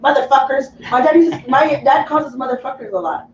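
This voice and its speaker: A woman co-hosting a radio chat show who asks the group questions and reacts in an animated way. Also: high-pitched, a little fast, muffled recording. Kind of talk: casual chat. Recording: echoey distant mic with faint hiss.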